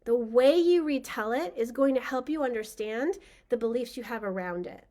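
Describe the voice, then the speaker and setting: A woman's voice: fairly high pitch, expressive, normal speed, warm tone. A woman hosting a spiritual workshop, talking in a casual, enthusiastic, rambling way with lots of fillers. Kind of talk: casual teaching talk.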